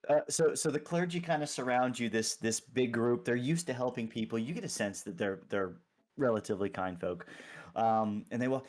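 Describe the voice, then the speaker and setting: A man's voice: medium pitch, unhurried, pauses often, darkish tone. A man narrating as game master of a tabletop game, talking hesitantly with many restarts and easy laughter.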